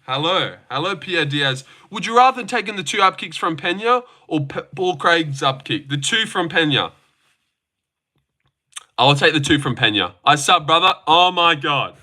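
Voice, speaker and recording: A man's voice: a little high, animated, normal speed, sharp tone. A young man hosting a casual live stream from his phone, joking, swearing now and then and answering chat comments.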